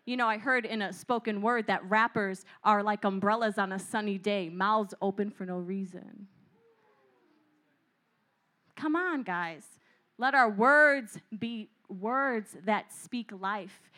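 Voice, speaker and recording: A young woman preaching a lively youth sermon who acts out voices and asks the crowd questions. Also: mid-range voice, a little slow, long pauses.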